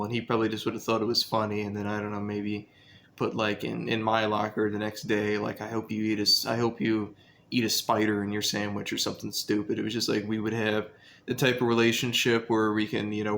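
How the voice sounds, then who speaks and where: Young man, casual storytime, low voice, monotone delivery, rambling, profane, faint background noise. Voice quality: rambling, profane, lots of fillers.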